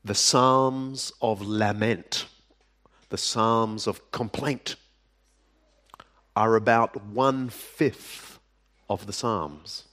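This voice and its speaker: A man preaching a sermon, speaking deliberately with dramatic pauses and sudden drops to a hush. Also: lowish voice. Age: adult. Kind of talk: sermon to a live audience.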